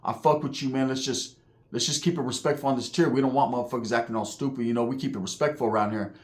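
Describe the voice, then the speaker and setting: A man voicing a huge, soft-spoken male inmate who talks in a very quiet, mellow, calm voice. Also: medium pitch, quick pace, voice pushed down, close to an everyday voice. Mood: calm, soothing. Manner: quiet, calm, respectful urging.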